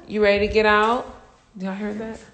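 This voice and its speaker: On a phone livestream, a young woman hosting Instagram Live chats casually with her viewers, calling them y'all and swearing freely. Her mid-range voice is fairly bright, with a level tone and moderate pace, over slight background noise.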